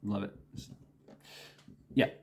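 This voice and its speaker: Speaking very slowly over a slight hiss or hum, this middle-aged vlogger delivers a casual solo monologue. It meanders and circles back on itself, punctuated by little laughs and imitated quotes.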